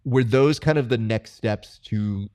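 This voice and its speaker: A man hosting a casual interview, animated and acting out what others said in his stories. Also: mid-range voice, unhurried, no room sound, studio quality. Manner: animated storyteller, acts out quotes. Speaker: interviewer and coach.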